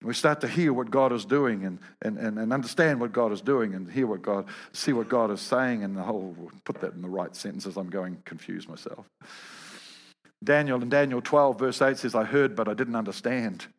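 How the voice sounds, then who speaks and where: A man's voice: fairly low pitch, moderate pace, big-room sound. A man preaching a sermon, telling humorous stories and often repeating words as he goes.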